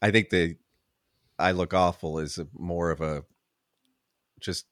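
A man's voice: low voice, steady tone, unhurried, no echo, clean studio sound. A man co-hosting a film podcast, thoughtfully explaining a scene in casual chat. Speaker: podcast co-host.

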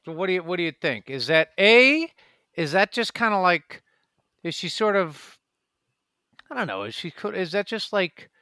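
A man co-hosting a film podcast, asking questions in halting, jokey casual chat. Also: high-pitched, very animated, sharp tone, clean tone, no echo, studio quality. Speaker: podcast co-host.

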